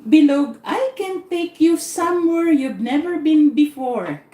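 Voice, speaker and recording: A woman's voice: high-pitched, lively intonation, unhurried. A woman voicing a boastful, smug man who makes big promises. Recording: echoey room, faint noise.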